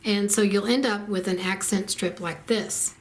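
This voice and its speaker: Woman calmly walking through quilting steps. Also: medium pitch, a little slow. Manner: plain, step-by-step, with frequent ums. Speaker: quilting instructor. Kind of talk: casual tutorial explaining a quilt pattern.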